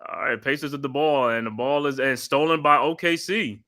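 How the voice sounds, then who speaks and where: Man host, bright forceful voice, live play-by-play call with casual asides. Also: mid-range voice, fairly quick. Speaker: watch party host calling the game.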